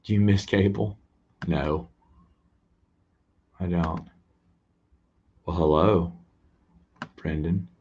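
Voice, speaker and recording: Rambling low-voiced man on a late stream. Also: fairly even intonation, very slow, long pauses, a little mellow, muffled recording. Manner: rambling, self-deprecating, laughs often. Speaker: host answering viewers' questions. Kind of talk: casual late-night live-stream chat.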